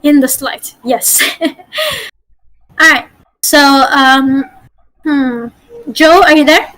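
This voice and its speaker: Woman from Malaysia, high voice, chatty coaching host of an online workshop. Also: steady tone, sharp tone, low-quality recording. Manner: chatty, coaching, gives corrections with quick fillers. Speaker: workshop host and dungeon master. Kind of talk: teaching an online voice-acting workshop.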